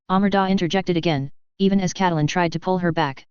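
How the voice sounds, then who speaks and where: A woman reading a fan fiction story aloud with steady storytelling. Her voice is low-set and exceptionally clear, and the recording is dry with a slightly dull top end. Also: fast, hardly any pauses, no room sound. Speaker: reader. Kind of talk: fan fiction audiobook narration.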